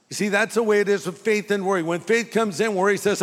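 A pastor preaching a sermon, with dramatic pauses and rhetorical questions. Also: male voice, high-pitched, fairly even intonation. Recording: long hall reverb.

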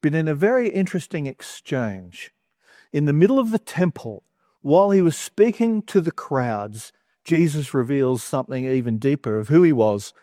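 A man's voice: fairly high pitch, sing-song, moderate pace, dark tone, no room sound. Dry-sounding man preaching with wry humour. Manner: chatty and wry, with humorous asides. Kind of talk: conversational sermon.

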